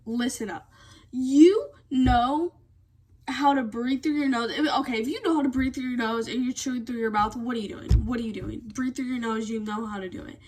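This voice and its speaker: A teenage girl venting to camera in a casual rant, blunt and exasperated, peppering her talk with "like". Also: fairly high pitch. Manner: blunt, exasperated ranting with constant "like" fillers. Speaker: vlogger.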